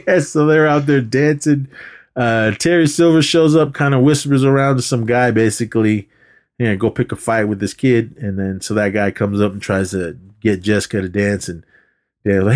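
A man's voice: lowish voice, normal speed. A man casually recapping a movie on a podcast, rambling and acting out the characters' lines. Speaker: podcast co-host.

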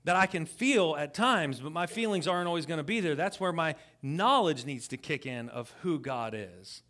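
A man's voice: fairly high pitch, animated, normal speed, bright, forceful tone. A man giving a conversational sermon as a guest preacher at a church service. He is casual and earnest, often restarts his sentences and speaks straight to the congregation. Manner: casual and earnest, with frequent restarts and asides to the listeners.

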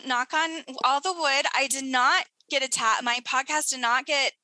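A woman's voice: sits high, normal speed, sharp tone, no echo. A woman who hosts a podcast, talking in a casual, earnest and reflective way about her work. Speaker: podcast host and birth educator.

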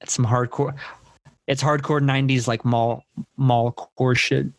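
Male podcast co-host, mid voice, dry close sound, animated and loose. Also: medium pitch, a little slow, no echo. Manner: animated, laughing, swearing, acts out movie lines. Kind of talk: casual film-discussion chat.

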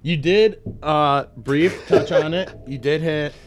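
A man's voice: on the high side, slow pace, slight background noise. A man hosting a casual podcast chat in a studio, joking and curious, swearing casually. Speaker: podcast host.

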